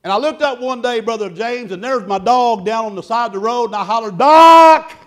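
A man preaching a sermon, loud and boisterous, telling folksy stories between points. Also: very high-pitched, fairly quick. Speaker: pastor.

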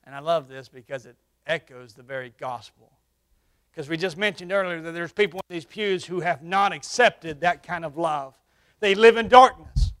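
A man preaching a sermon to a congregation, swinging between quiet asides and loud emphatic calls. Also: fairly high pitch, normal speed. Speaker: pastor. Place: church sanctuary.

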